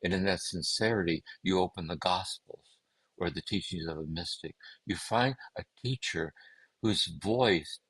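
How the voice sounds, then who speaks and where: A man speaking as a guest, giving a gentle, meditative talk on contemplative prayer and often circling back to repeat his phrases. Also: deep voice, measured pace, husky, dry recording, low-quality recording. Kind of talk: reflective spiritual teaching.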